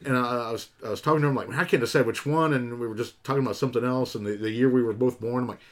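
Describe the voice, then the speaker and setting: A man's voice: mid-range voice, rapid-fire. A man in his forties chatting casually, swearing freely as he rambles through how he picked the movies. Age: 40s. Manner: profane, rambling storyteller. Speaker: marathon organizer. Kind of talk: casual chat.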